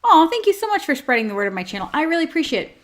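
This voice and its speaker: A woman's voice: high-pitched, big pitch swings, rapid-fire, fairly bright tone. A woman hosting her own show, chatting casually with lots of fillers and joking asides. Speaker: host. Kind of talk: casual chat.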